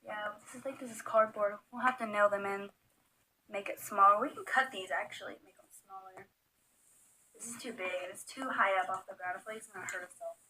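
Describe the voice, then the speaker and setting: Bright-voiced young woman vlogging with her pet. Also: medium pitch, brisk, poor audio. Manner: chatty, coaxing, laughs often. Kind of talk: casual chat. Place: home room.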